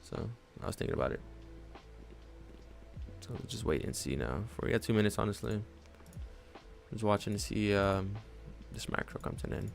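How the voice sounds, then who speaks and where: This man's voice sits on the low side, with lively intonation, vocal fry, a moderate pace and long pauses over soft background music. He's live-streaming his day trading from his home desk, dog on his lap, casually thinking aloud about chart levels and often saying "honestly" and "man."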